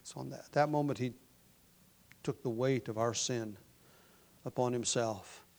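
Preacher with soft, hushed delivery. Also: male voice, medium pitch, a little slow, vocal fry. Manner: shifts between hushed, soft passages and loud emphatic lines; restarts and repeats words while explaining. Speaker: pastor. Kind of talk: sermon.

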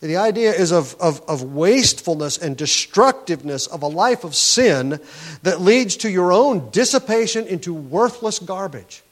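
A man with a somewhat high voice delivers a sermon. He teaches through a scripture passage in an earnest way, lifting his pitch and volume on key words. He often restarts a phrase before carrying on. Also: expressive, moderate pace. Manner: earnest teaching with rising emphasis and frequent restarts. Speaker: pastor.

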